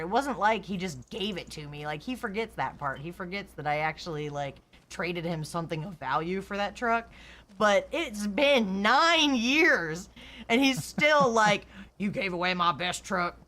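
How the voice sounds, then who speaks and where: A woman's voice: mid-range voice, fairly bright tone. A woman streamer chatting casually, telling car stories and laughing often. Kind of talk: casual chat.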